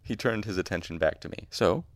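A gravelly, low-voiced man narrates a novel at normal speed in a casual, amateur audiobook style, occasionally stopping to correct himself. There is no room sound.

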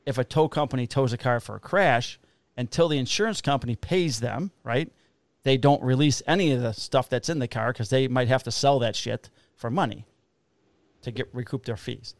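A man who works as a police officer co-hosts a podcast and spins a long, profane story in casual chat. His voice sits at an ordinary middle pitch. It is recorded dry, with no room sound around it. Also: moderate pace, no echo. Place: Illinois.

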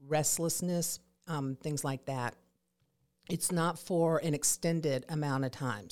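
A woman guest in an interview, an educational coordinator explaining care programs in a clear, informative way. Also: deep voice, darkish tone.

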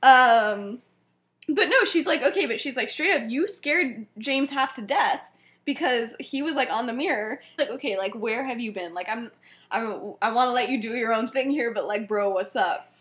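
A woman's voice: fairly high pitch, moderate pace, fairly bright tone. A young woman co-hosting a podcast, retelling a story in casual chat, giggling often and acting out quoted lines with lots of fillers. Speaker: podcast co-host.

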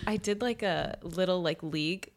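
Guest, woman in her 20s, earnest and candid, a bit low-pitched. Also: normal speed, gravelly. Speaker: podcast guest, former college athlete. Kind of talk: casual podcast chat.

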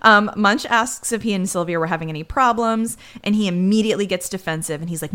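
This podcast co-host talks quickly with hardly any pauses, her medium-pitched voice a bit bright. She's chatty while recapping a TV episode, slipping sarcastic remarks into the plot retelling.

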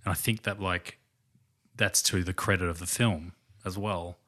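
A man with a lowish, bright voice shares his take on a film with friends. He talks earnestly and hesitantly, often restarting his sentences. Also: fairly even intonation, normal speed. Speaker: podcast co-host. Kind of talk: casual film chat.

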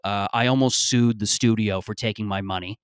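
A man's voice: on the low side, steady tone, fairly quick, smooth, dry recording, clean studio sound. A man around thirty hosting a solo podcast, rambling, sarcastic and profane in casual talk. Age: 30s. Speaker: podcast host.

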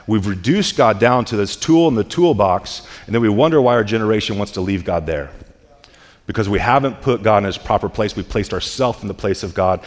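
A low-voiced man preaching to his congregation, his words ringing out with a long echo through a church hall. He speaks earnestly, restarting and repeating words as he builds toward loud climaxes. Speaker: pastor. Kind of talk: sermon.

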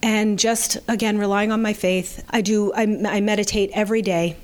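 A woman's voice: mid-range voice, steady tone, normal speed. A middle-aged woman, an interview guest, telling a personal story in an earnest, heartfelt way with small restarts.

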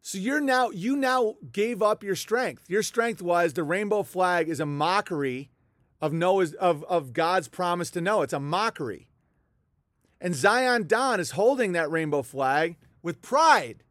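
High-voiced man ranting heatedly. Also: expressive, unhurried, fairly bright tone, dry recording, studio quality. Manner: heated, profane, mocking. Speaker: political commentator. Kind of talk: ranting political monologue.

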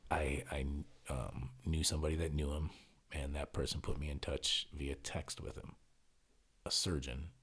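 A man co-hosting a podcast, telling a story in casual chat, animated and swearing freely as he acts out what people said. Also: extremely low pitch, moderate pace, husky. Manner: animated retelling, acting out quotes, swearing freely.

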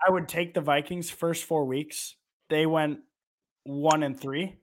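Guy on a sports podcast, kinda high voice, joking around and ribbing his buddy about picks. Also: steady tone, unhurried, slight background noise. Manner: playful, teasing. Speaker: podcast co-host. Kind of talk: casual sports betting chat.

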